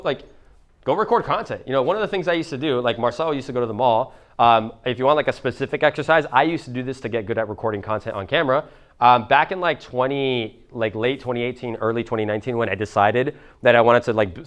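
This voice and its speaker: Young man, Miami accent, rapid talk, smooth clear voice, casual profane seminar coaching. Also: mid-range voice, a bit bright. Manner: casual, profane, fast, many fillers like "like" and "bro". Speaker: business coach. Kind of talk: live seminar talk to an audience.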